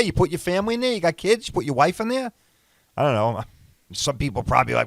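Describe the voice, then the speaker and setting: A man's voice: on the high side, big pitch swings, fast, gravelly, dry recording, clean studio sound. A man hosting a podcast, talking bluntly and rambling in a casual monologue with plenty of swearing. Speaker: podcast host.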